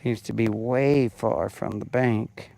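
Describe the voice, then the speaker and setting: A man's voice: fairly low pitch, fairly even intonation, takes it slowly, creaky, warm tone, slight background noise. A man hosting a fishing show, giving laid-back, joking commentary from a boat on a lake.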